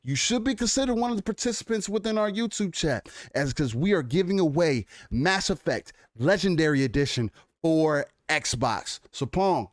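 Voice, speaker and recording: A man hosts a live gaming podcast in a casual, energetic way, trailing into fillers and restarts. His voice sits a bit high and sounds dry and close. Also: normal speed, few pauses, no echo. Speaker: podcast co-host. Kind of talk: casual live-stream chat.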